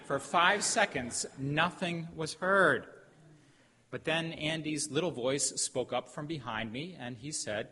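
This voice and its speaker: A middle-aged man preaching a sermon as a pastor, telling a story with emphatic pauses. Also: a little high, sharp tone. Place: church sanctuary. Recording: hall reverb, faint background noise.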